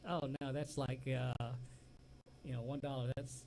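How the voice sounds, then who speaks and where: Man, Southern US accent, gravelly voice, rambling storyteller, casual talk show, faint hum behind. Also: medium pitch, level tone, measured pace, darkish tone, rough recording. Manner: rambling storyteller, laughs easily, trails off mid-sentence. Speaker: co-host. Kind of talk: casual chat.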